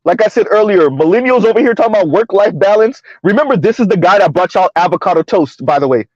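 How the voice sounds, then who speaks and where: This man hosts a casual commentary vlog, chuckling often and repeatedly asking his viewers "right?" His high voice moves quickly with lively intonation. The lo-fi recording sounds dull and completely dry, with no echo.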